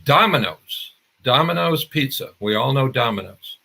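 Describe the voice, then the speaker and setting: A man's voice: mid-range voice, animated, moderate pace, creaky, bright, forceful tone. An older man, a marketing expert guest, explaining in a conversational interview with restarts and examples.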